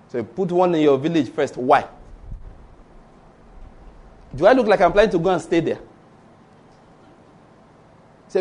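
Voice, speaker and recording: A middle-aged Nigerian pastor with a Yoruba accent, preaching in an animated storytelling way and acting out conversations. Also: male voice, on the high side, moderate pace, long pauses. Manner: animated storytelling, acts out dialogue, rhetorical questions. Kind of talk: sermon.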